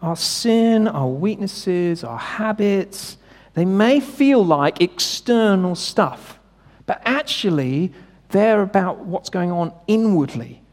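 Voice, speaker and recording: A high-voiced man preaching to a congregation, casual but emphatic, asking questions and stressing key words. His voice rings out with long reverb through a church hall. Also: expressive, slow. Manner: conversational, emphatic, rhetorical questions. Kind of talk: sermon.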